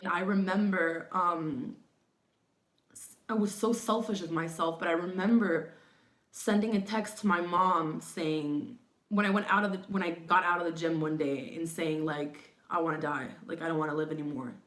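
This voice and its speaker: A woman's voice: on the low side, a little slow, a bit bright. Hesitant young woman in an echoey room. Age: young adult. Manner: hesitant, repetitive, many fillers and restarts. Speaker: vlogger. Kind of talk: personal confessional storytelling.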